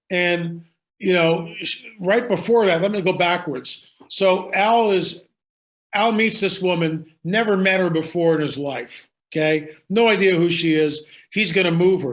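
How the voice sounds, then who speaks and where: A man telling a story in conversation, emphatic and dramatic, repeating lines for effect. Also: a little high. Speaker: guest storyteller.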